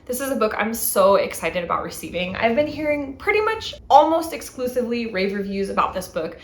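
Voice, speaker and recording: Her voice is fairly high and sing-song, and she speaks briskly in a reverberant space. This book channel host, a woman in her thirties, enthusiastically talks through every new book in her haul vlog and reads out the back covers.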